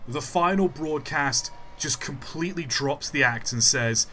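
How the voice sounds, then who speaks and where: Rambling young streamer, bright voice. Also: male voice, a little high, unhurried, few pauses, a little hiss or hum. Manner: rambling, musing aside while playing. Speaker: game streamer. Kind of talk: live gameplay commentary.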